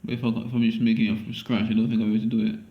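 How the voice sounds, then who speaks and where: Low gravelly London man musing aloud. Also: completely flat delivery, very fast, reverberant, muffled recording. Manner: hesitant, repeats the line over and over, muses aloud. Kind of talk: casual self-recorded audition.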